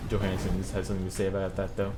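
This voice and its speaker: Laid-back low-voiced man commentating a game. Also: completely flat delivery, rapid-fire. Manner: chuckling, loose, trailing off into fillers. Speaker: tournament host and commentator. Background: background music.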